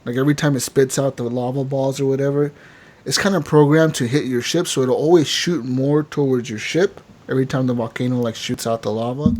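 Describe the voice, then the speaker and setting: A man hosting a casual gaming podcast, telling a story with animated energy and frequent swearing. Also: mid-range voice. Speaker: podcast host.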